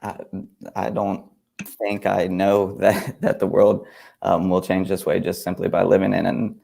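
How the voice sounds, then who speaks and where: A man who is a guest on a podcast, chatting in a hesitant, halting way. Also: sits low, completely flat delivery, gravelly, warm tone. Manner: hesitant, halting, many fillers and restarts. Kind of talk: casual podcast chat.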